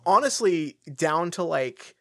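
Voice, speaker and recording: A man co-hosting a casual podcast, chatting in an animated, joking way. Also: on the high side, no echo, studio quality. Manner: animated, jokey, quick laughter. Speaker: podcast co-host.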